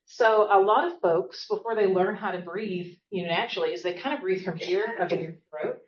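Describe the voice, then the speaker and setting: Fast-talking Southern woman professor. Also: medium pitch, reverberant, highs cut off. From American South. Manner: fast-talking, chatty, often adds "right?". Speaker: college professor. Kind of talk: interactive workshop talk. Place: classroom.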